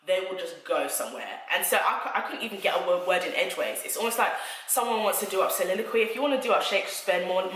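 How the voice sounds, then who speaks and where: A young woman tells a story to camera, chatty and animated. Her voice is bright and forceful. The recording has noticeable room echo. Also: fairly low pitch, a little hiss or hum. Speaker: vlogger. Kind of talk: storytime vlog.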